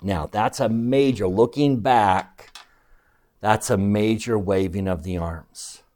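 A man's voice: medium pitch, a little slow, a little mellow. Man teaching scripture emphatically. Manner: emphatic, asks the class questions. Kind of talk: classroom scripture lesson.

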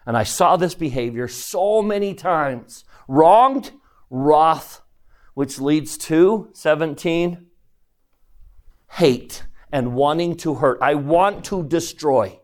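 A middle-aged man teaching a scripture lesson in a classroom, animated and emphatic, putting questions to his class. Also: a little high, slow pace.

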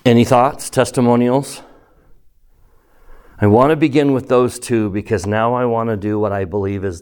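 A man teaches a devotional lesson to a class. He speaks slowly and deliberately in a mid-range voice. At key points he drops to a hushed near-whisper for emphasis. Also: medium pitch, clear, resonant tone. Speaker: religious teacher.

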